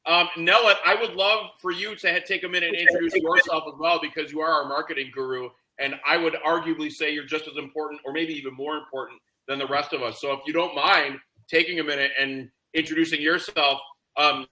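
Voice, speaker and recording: A man hosts a casual online meeting. His voice is bright and forceful and sits a little high. He keeps things upbeat and playful as he introduces his colleagues over a video call. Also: fairly even intonation, brisk, low-quality recording. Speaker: webinar host.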